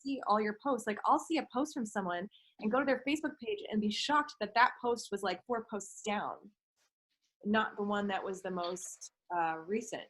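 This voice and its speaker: Husky woman, emphatic. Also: mid-range voice, moderate pace, a bit bright. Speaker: series co-creator.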